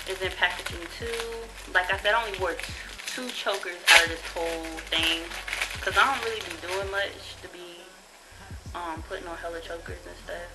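A young woman with a lowish voice chats casually and bluntly, swearing plenty, as she reviews a haul of cheap jewelry. Music plays behind her, and the audio quality is poor.

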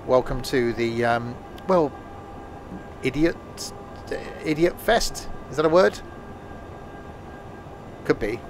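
A man's voice: mid-range voice, expressive, takes it slowly, pauses often, background noise. A man casually chatting while live-streaming a train game, rambling and joking to himself and his chat at a home desk mic.

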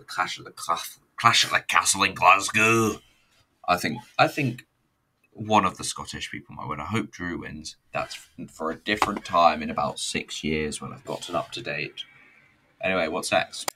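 A man's voice: low-pitched, sharp tone, poor audio. A man giving a casual, rambling, sweary running review while he watches a video.

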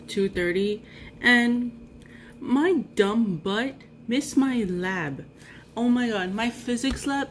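A woman's voice: medium pitch, a little hiss or hum. A young adult woman vlogging in a casual, rambling way, exasperated and full of "like". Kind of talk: casual vlog chat.

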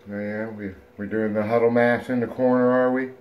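A man's voice: mid-range voice, flat delivery, fairly quick, highs cut off, background noise. A man breeding dogs, talking casually to puppies on a home video and cooing at them playfully, sometimes in a whisper. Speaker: dog breeder. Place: indoor room at home.

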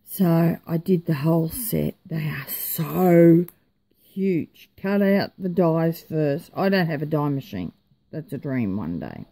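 Tired woman vlogger, chatty and rambling, slow and mellow, lowish voice. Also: lively intonation. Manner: chatty, rambling, self-mocking. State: tired, yawning. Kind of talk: casual chat.

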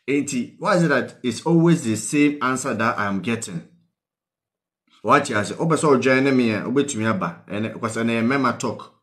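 A man's voice: on the low side, a bit bright. Earnest Ghanaian man hosting a talk show. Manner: keeps prodding viewers with "What you say?", mixing Twi and English; earnest, pleading, advice-giving tone. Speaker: host. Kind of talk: live call-in talk show.

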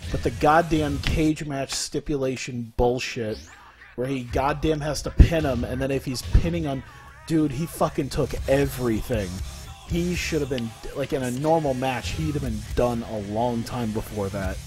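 A man's voice: mid-range voice, moderate pace, music in the background. A man streaming a wrestling video game, giving live commentary full of swearing and exasperated rants at the game. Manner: profane, exasperated ranting at the game.

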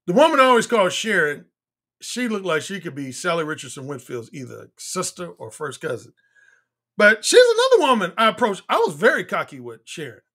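A man talks to his viewers with a husky, slightly rough voice. His pitch swings widely as he brags and drives his points home, repeating himself for emphasis. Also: huge pitch swings, a little fast, pushed and bright. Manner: boastful, emphatic, repeats lines for effect. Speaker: dating coach. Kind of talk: casual monologue to viewers.

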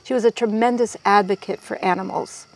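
Gravelly-voiced woman telling a story. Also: mid-range voice, a little fast. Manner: lively storyteller, quoting others in their voices. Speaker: guest herbalist. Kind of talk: storytelling in an interview.

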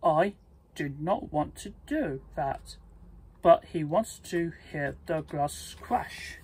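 Storybook read-aloud: a reader doing a gentle young wolf cub, breathy, slow. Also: medium pitch, expressive, heavily acted. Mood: earnest. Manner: slow, plain storybook reading with restarts. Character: young male wolf cub, kind and reluctant.

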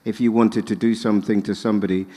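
A man's voice: lowish voice, level tone, fast talker, mellow. A man hosting a live interview at an event, jokey and chatty with lots of restarts. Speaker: host. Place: indoor event venue with audience. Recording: reverberant event hall.

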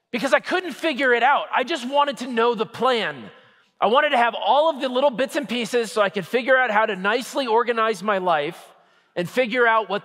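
A man in his thirties, a Catholic priest, preaching a sermon with lively, humorous storytelling. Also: extremely high pitch. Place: church. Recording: echoey church hall.

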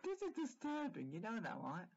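A man's voice: sits high, wildly swooping pitch, normal speed, gravelly, muffled recording. A man hosting a reaction video who rambles and sounds exasperated, with jumpy restarts. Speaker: reaction channel host. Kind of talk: reaction commentary.

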